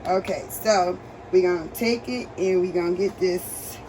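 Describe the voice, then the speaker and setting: A woman's voice: on the low side, measured pace. A woman hosting a casual home cooking vlog in her kitchen, chatting to viewers as y'all. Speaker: cooking vlogger. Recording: noisy home recording.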